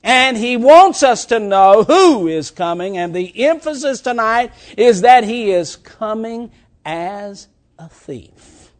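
A man preaching a sermon, reading scripture and speaking directly to his congregation with emphatic, drawn-out phrasing. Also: high voice, lively intonation.

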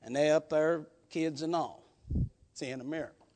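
A man preaching a storytelling sermon in a folksy way, repeating words as he builds up to shouts. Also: fairly high pitch, moderate pace.

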